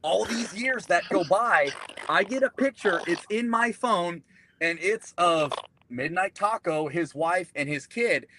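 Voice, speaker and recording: A man, a military veteran, telling profane, animated stories in casual chat. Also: high voice, unhurried, noisy background. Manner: profane, animated, acts out quotes.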